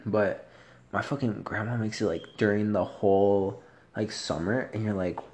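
A man hosting a casual solo podcast, with a soft, low voice and a rambling, profane, laid-back way of talking. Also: fairly even intonation, moderate pace, noisy background. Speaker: podcast host.

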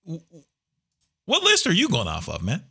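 A middle-aged man co-hosting a casual podcast chat, animated and quick to laugh, often trailing off into fillers. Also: fairly high pitch, gravelly, slightly rough. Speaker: podcast co-host.

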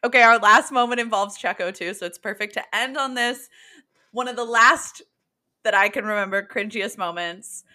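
Animated young woman co-hosting a chat. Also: on the high side, moderate pace. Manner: animated, laughs often. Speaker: podcast co-host. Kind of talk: casual chat.

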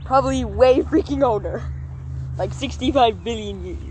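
A woman's voice: on the high side, moderate pace, warm tone. A woman chatting casually as co-host, playful and teasing, joking between the dogs and her friend. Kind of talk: casual chat. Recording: noisy background.

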